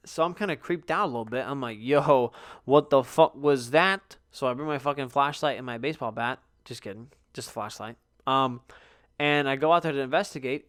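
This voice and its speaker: A young man hosting a solo podcast, telling stories in a profane, animated way, sometimes sleepy and yawning. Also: a little high. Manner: profane, animated storytelling with loud outbursts. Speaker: podcast host. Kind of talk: casual solo podcast monologue.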